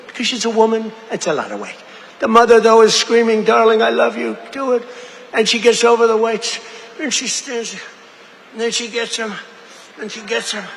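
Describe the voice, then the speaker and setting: A man's voice: sits high, gravelly, a bit bright, slight background noise. Rambling man speaking at a rally. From United States. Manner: repetitive, digressive, acts out quoted voices. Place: large rally venue. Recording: echoey amplified rally hall.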